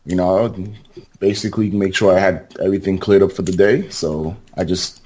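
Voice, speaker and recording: A man's voice: low voice, moderate pace, slight background noise. A man telling stories as a returning guest on a casual podcast, laughing often as he talks. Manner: animated storyteller, laughs often.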